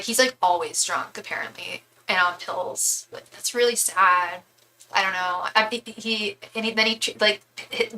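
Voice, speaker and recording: Chatty young woman, bright voice. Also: medium pitch, slight background noise, poor audio. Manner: chatty, rambling, lots of "like". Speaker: tarot reader and live-stream host. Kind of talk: casual live-stream chat. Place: home.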